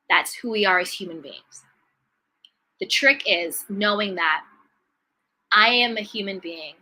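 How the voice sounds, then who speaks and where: A woman giving a motivational self-love talk as a coach, speaking emphatically and repeating key phrases, slowing down to stress them. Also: medium pitch, pushed and bright, low-quality recording.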